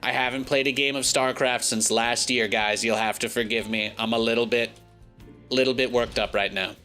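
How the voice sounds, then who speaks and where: A man with an American accent giving excitable, joking commentary while he plays and streams a game. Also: medium pitch, normal speed, soft background music. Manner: excitable, joking, talks to himself and chat. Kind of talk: casual gameplay commentary.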